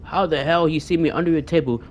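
A gaming streamer doing let's play commentary, cursing and mocking the game's enemies in a taunting sing-song, with excitable outbursts. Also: medium pitch, quick pace, a little hiss or hum. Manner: profane trash-talking of game enemies.

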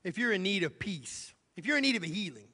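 A man's voice: high-pitched, sing-song, fast talker, sharp tone, slightly rough. A male pastor preaching a sermon in a church, emphatic and repeating his key phrases. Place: church sanctuary. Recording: long church hall reverb.

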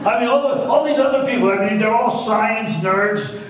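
A man preaches in a high, light voice, mixing jokes and laughter into his message. He stands a little off the mic, and his voice booms around a very echoey church hall. A faint hum sits underneath. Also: moderate pace, recorded from a distance. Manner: jokey storytelling preaching, laughs often. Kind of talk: sermon. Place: church sanctuary.

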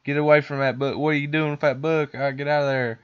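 A man's voice: a little high, little pitch movement, quick pace, clear, resonant tone, highs cut off, voice pushed up, lightly acted. A man doing a scolding magician dad. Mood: alarmed. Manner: urgent, scolding. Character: alarmed middle-aged magician father.

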